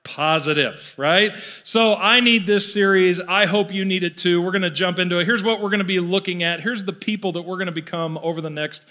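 A male pastor with a high, bright voice speaks to his congregation in a loose, conversational way. He keeps slipping into little acted-out voices to play the people he describes. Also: fairly even intonation, brisk, few pauses. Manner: conversational, playful, acts out quoted voices. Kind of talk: sermon. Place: church auditorium.

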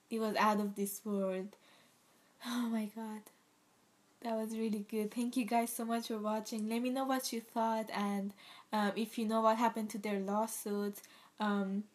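Young woman, reaction vlog host, teary, gushing, unhurried delivery. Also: on the high side, darkish tone. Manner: emotional and gushing, with many exclamations and fillers. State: teary, near crying. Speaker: video host reacting to a music video.

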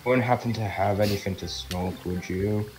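A man's voice: on the low side, steady tone, normal speed, natural voice, poor audio. A man voicing a lazy teenage slacker who mooches for cigarettes, with faint game music behind. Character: slouchy teenage slacker boy begging smokes.

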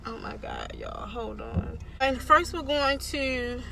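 A woman's voice: a little high, wildly swooping pitch, slow, creaky. A young woman, chatting casually to viewers in a vlog while sick and short of breath. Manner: chatty, addresses viewers as y'all. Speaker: vlogger. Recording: loud road noise in a car.

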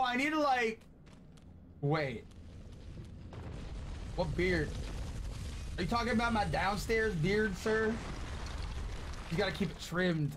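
A man in his late twenties, chatting casually and profanely with his live-stream audience while he plays a game, loud one moment and soft and thankful the next. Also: high voice, background noise. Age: late 20s. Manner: excitable and profane, swinging between loud outbursts and soft thanks.

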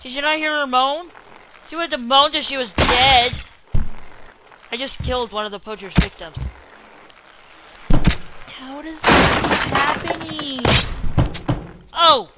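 Exasperated teen gamer yelling at the screen. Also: male voice, very high-pitched, very noisy. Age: teens. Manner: exasperated, quick to groan and yell at the game. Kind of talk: let's-play commentary.

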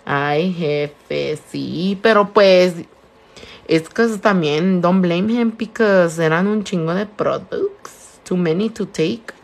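A woman's voice: fairly low pitch, slow, creaky. A young woman with a Californian accent, a nail tech chatting casually on a live stream, answering viewer questions and mixing Spanish words into her English. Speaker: nail tech and shop owner. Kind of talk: casual live-stream chat while doing nails.

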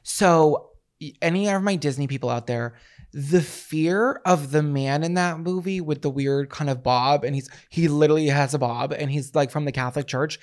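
A man co-hosting a podcast in casual chat, playful and dramatic with quick rambling asides, mouth a bit dry. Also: on the high side. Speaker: podcast co-host.

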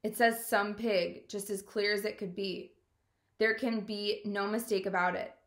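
A woman's voice: medium pitch, fairly even intonation, unhurried, fairly bright tone, lightly acted. A woman doing a solemn, earnest farmer. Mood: insistent. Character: flustered farmer Mr. Zuckerman, middle-aged man. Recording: roomy echo.

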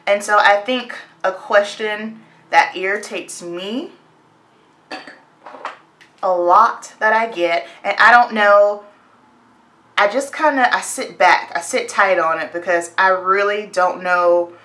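A woman's voice: medium pitch, takes it slowly, sharp tone. A woman in her late twenties from the United States, a hairstylist chatting candidly and with strong opinions straight to her viewers while getting ready. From United States (Virginia, North Carolina). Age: late 20s. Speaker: hairstylist and beauty vlogger. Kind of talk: casual get-ready-with-me chat.

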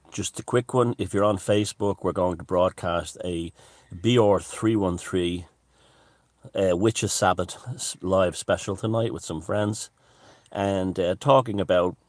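A man's voice: sits low, a little mellow, no echo. A man giving a rambling, jokey monologue to his viewers, full of fillers and restarts. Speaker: vlogger. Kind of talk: casual monologue to camera.

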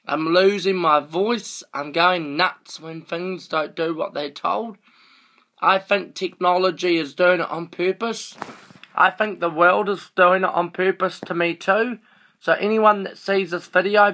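Slow, distressed New man. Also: high voice, a bit bright. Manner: distressed, pleading. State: upset. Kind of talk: personal video plea.

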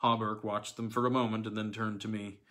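A man narrating a classic novella in the first person, with a measured, theatrical reading. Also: fairly low pitch, flat delivery, a bit bright. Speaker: audiobook reader.

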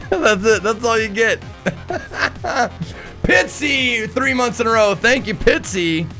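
A man's voice: high voice, expressive, measured pace, pauses often, pushed and bright, soft background music. A man casually chatting on a live stream, reading out viewer messages, swearing and laughing often. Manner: profane, laughing, reads chat aloud. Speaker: game streamer.

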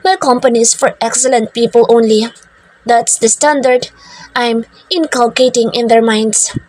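Woman, story narration, stern and bossy, higher voice, dry sound. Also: darkish tone, dry recording. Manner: stern, bossy narrator voicing a strict company owner. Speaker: storyteller narrating a first-person romance. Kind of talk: scripted first-person narration, mixing English and Tagalog.

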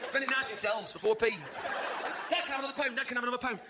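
High-voiced Northern English comedian. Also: male voice, fairly even intonation, racing, very noisy. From England. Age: 40s. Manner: chatty, mimicking, laughing along. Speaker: stand-up comedian. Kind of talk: live stand-up comedy. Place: large arena stage. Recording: echoey arena, roaring crowd.

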